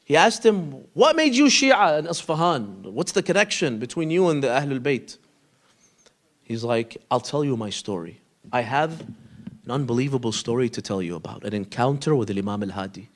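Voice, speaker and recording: A man telling religious stories to a congregation, calling them brothers and sisters, reciting short Arabic quotes and dropping low and quiet on key lines. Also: very animated, moderate pace. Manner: drops low and quiet on key lines, lifts high for questions. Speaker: speaker at an Islamic institute. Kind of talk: storytelling lecture to a congregation.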